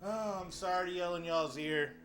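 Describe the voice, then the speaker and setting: Excitable swearing male game streamer. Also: high voice, moderate pace, faint music behind. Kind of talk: casual live gameplay commentary.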